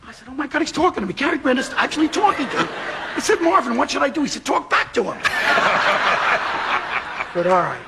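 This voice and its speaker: New guy telling a funny story on a talk show, way high voice, bright and punchy, faint hiss. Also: fast talker, vocal fry, pauses often. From New York. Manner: animated, repeats for laughs. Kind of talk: comic anecdote. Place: TV studio with audience.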